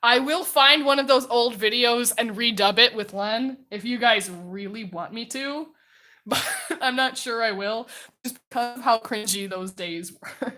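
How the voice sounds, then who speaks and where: Bright, loud-voiced woman streamer. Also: fairly high pitch, measured pace. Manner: chatty, self-mocking, often laughing; naturally loud voice. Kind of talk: casual chat while drawing on stream.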